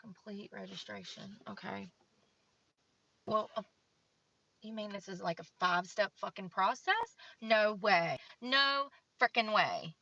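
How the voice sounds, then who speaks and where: A woman's voice: medium pitch, measured pace, gravelly, sharp tone, dry recording, lo-fi sound. A woman streamer talking casually while filling out a form, frustrated and swearing a lot, muttering to herself. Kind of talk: casual rambling stream talk.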